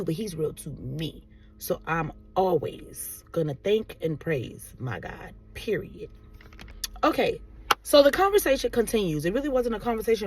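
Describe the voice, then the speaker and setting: A woman telling a casual story-time vlog in a chatty, animated, sarcastic way, full of fillers. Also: mid-range voice, distant mic. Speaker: vlogger. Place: car on the road.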